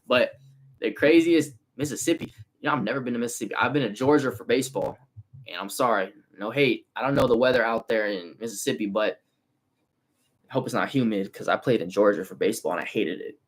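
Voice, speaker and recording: A fast-talking man with a medium-pitched voice, in his twenties and from the Bay Area, runs a car detailing business. He hosts a casual livestream full of loose, animated street slang.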